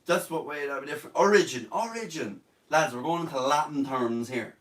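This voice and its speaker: A man's voice: medium pitch, animated, quick pace, few pauses, a bit bright, reverberant, far from the mic. A man in his thirties with an Irish accent chatting on a live stream, joking and rambling, slipping into silly voices. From Ireland. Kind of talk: casual live-stream chat.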